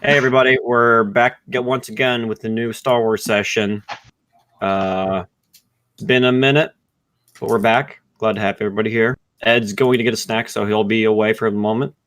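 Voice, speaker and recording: A man's voice: lowish voice, steady tone, normal speed, fairly bright tone. A man running a tabletop game as game master, recapping in an easygoing, loose way. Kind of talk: casual game narration over voice chat.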